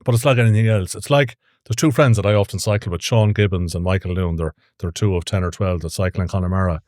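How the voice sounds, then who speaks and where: An Irish man, a podcast co-host, talking quickly and reflectively in casual chat with plenty of fillers. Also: sits low, fairly even intonation, darkish tone, no echo, clean studio sound.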